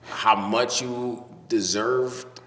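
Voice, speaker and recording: Slow laid-back male interviewer. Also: mid-range voice, fairly even intonation, bright, forceful tone. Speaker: podcast host. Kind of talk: casual interview. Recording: echoey room with reverb.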